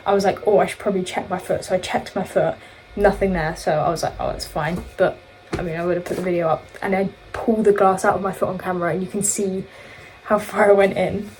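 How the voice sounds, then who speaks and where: A woman's voice: medium pitch, flat delivery, quick pace, a little mellow, rough recording. A young woman vlogger telling a long story in casual chat, rambling and correcting herself as she goes. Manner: rambling, self-correcting, chatty.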